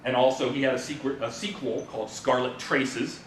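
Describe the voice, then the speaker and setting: Recorded through a distant mic in a roomy symposium presentation room with a faint rumble, a man presents informally at a conference. His fairly bright voice is steady and at normal speed as he tells a story, uses fillers, and puts questions to the audience.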